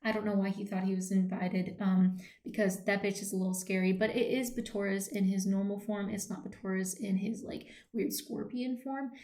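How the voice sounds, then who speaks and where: A woman's voice: mid-range voice, fairly even intonation, moderate pace, hardly any pauses, warm tone. A young woman vlogging in a loose, chatty way, full of 'um' and 'like' and the odd casual swear word. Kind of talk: casual rambling commentary. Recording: roomy echoey room.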